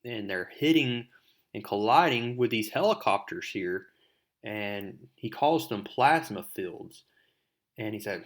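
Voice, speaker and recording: A man's voice: fairly low pitch, lively intonation, slow pace. Man casually recapping a comic. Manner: rambling, filler-heavy retelling. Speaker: comic book reviewer.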